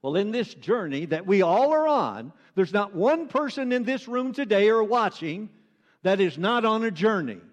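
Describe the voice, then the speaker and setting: High-voiced male pastor in a reverberant church. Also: very animated, moderate pace, lo-fi sound. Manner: earnest, repeats phrases for emphasis. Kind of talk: sermon.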